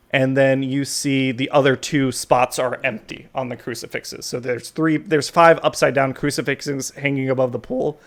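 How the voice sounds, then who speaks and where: A man narrating a tabletop game as game master, casual and halting with many fillers. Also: medium pitch.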